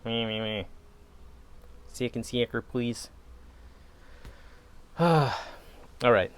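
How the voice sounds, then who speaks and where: A man's voice: medium pitch, very slow, clean tone. A man with a Wisconsin accent chatting casually on his pipe-smoking channel, wandering off on tangents and laughing at himself. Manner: rambling, digressive, laughs at himself. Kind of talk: casual vlog chat.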